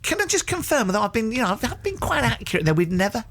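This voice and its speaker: An actor playing a brash, cheesy middle-aged male psychic medium who talks theatrically, with cheeky jokes and dramatic pauses, in improvised radio comedy. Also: high voice, big pitch swings, fairly bright tone, full character voice. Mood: showy. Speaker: comic psychic guest.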